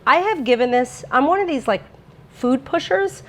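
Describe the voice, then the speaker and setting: A woman's voice: sits high, animated, normal speed, a bit bright, a little hiss or hum. A woman presenting a sponsored cooking demo in a home kitchen, talking in a chatty, bubbly way with lots of fillers. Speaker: brand presenter.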